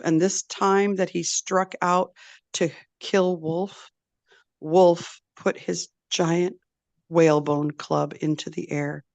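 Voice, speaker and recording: A woman storyteller telling a traditional tale in a slow, deliberate, repetitive way. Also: low-pitched, creaky, no echo. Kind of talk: oral storytelling.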